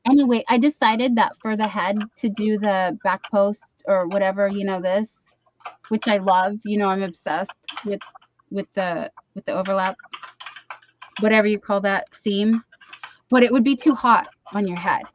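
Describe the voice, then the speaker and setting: A woman's voice: mid-range voice, moderate pace, lo-fi sound, slight background noise. Chatty woman hosting a crochet livestream. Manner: chatty, rambling, reads chat comments aloud. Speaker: live stream host. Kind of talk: casual chat.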